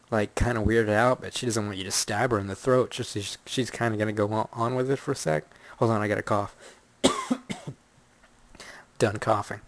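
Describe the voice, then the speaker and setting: A young man hosting his own podcast, talking through a rambling, self-deprecating comic monologue and acting out the dialogue. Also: medium pitch. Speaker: podcast host.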